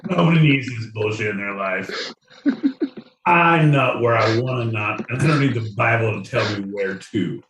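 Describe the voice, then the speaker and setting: A man co-hosts a podcast, rambling through crude, mock-indignant riffs at a middling pitch. He sits back from the mic in an echoey room, with a faint hiss behind him. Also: moderate pace, a bit bright. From Southern California. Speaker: podcast co-host. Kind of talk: casual comedic banter. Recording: roomy, distant mic with faint noise.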